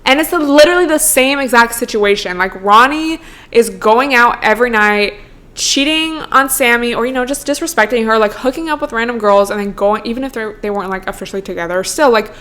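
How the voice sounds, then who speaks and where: A woman's voice: on the high side, brisk, a bit bright. A woman in her twenties hosting her own podcast in casual solo chat, full of "like" and swearing, laughing between points. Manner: chatty, swears a lot, heavy use of "like". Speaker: podcast host.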